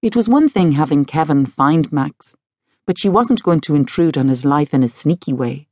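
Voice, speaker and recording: A woman narrating a novel in a calm, measured audiobook style. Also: low-pitched, no room sound, clean studio sound. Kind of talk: scripted narration.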